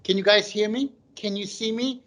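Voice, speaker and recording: A middle-aged man does stand-up on a live online stream. He talks in a casual, jokey way and often reads out viewers' comments. His voice sits a little higher than most men's. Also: steady tone, moderate pace, a bit bright. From Malaysia. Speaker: stand-up comedian.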